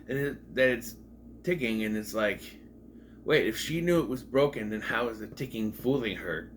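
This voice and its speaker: A man talking through a TV episode in a loose, rambling way, full of jokey asides. His pitch sits in an ordinary middle range. A faint hiss of background noise runs under the recording. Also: animated, moderate pace, a bit bright. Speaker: video reviewer. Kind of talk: casual retrospective commentary.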